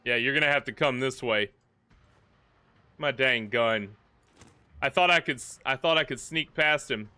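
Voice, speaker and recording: A man livestreaming a horror game, talking in a loose, jokey way and coaxing the characters on screen. His voice is bright and smooth. The sound is close and dry, with no room around it. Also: medium pitch, measured pace, long pauses, no echo. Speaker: gaming livestream host. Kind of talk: casual live commentary.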